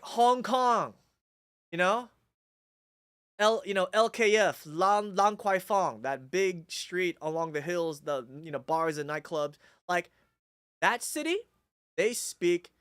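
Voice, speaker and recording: A man's voice: sits high, clean tone, no echo, clean studio sound. A man in his forties with a Taiwanese accent, hosting a casual livestream. He jokes a lot and often checks in with "right?". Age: 40s. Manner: animated and joking, with frequent "right?". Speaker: livestream host.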